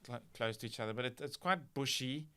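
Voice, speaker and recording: A man's voice: mid-range voice, fairly quick, pushed and bright, smooth. A man hosting a casual podcast chat, rambling and teasing with many restarts. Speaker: podcast host.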